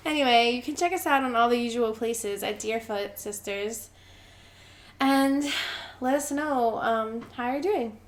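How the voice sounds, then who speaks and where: A woman's voice: fairly high pitch, measured pace. A young woman co-hosting a podcast in casual chat, giggly and rambling with plenty of fillers. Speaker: podcast co-host. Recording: faint background noise.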